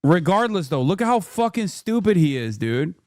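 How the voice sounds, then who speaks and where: A man's voice: high voice, sing-song, moderate pace, a little mellow, no echo, clean studio sound. A man giving casual political commentary on news clips, blunt and indignant, swearing freely.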